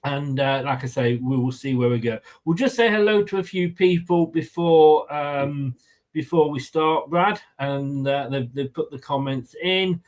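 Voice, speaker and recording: A man's voice: fairly high pitch, unhurried. A man co-hosting a fan live stream, chatting casually and reading out viewer comments. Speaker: fan channel co-host.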